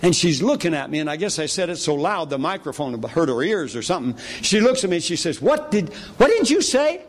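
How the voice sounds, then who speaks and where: A middle-aged man preaching a sermon, telling a personal story with animated delivery and acting out the people he quotes. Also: fairly high pitch, quick pace.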